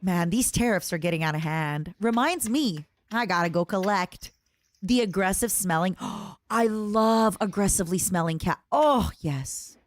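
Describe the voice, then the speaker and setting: A woman streamer chatting casually and reacting to clips, excitable and playful, squealing over cute things. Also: medium pitch, unhurried, no room sound.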